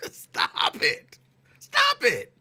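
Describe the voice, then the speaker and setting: A man hosts his podcast in an animated, profane call-out rant, circling back to the same jabs again and again. His pitch swings widely from phrase to phrase, and his tone stays bright and forceful. He takes his time and lets each line land slowly. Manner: animated, teasing, profane, repetitive. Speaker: podcast host.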